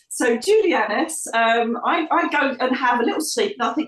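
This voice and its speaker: A woman with a slightly high voice tells a long personal story as an interview guest. She is lively and chatty, laughs often, and mimics the people she quotes. The sound is roomy, and she sits some way from the microphone. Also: normal speed, hardly any pauses. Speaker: psychic medium guest. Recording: roomy sound, distant from the mic.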